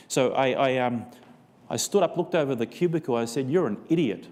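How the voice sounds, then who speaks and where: A man's voice: mid-range voice, lively intonation, brisk, a little mellow, in a large hall. A man preaching a seminar sermon, telling a story and acting out both sides of a conversation. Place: church.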